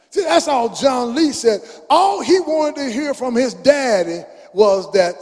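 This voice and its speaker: An older man preaching a fervent sermon in a church, rising into shouts and song-like chanting. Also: very high-pitched, very animated, a little slow, few pauses. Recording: long reverb of a large hall.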